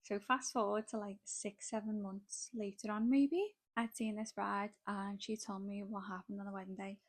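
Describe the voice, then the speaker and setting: A makeup artist vlogger, a young woman, tells a wild story in a dramatic, gossipy chat full of "like." Her mid-pitched voice holds a steady tone at a normal speed, and the recording is close and dry with no room sound at all.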